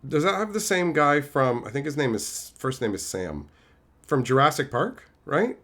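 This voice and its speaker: Lively, bright-voiced Canadian streamer. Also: male voice, mid-range voice, moderate pace. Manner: sarcastic, swearing, swinging to loud exasperation. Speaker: streamer reading chat. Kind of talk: casual livestream chat.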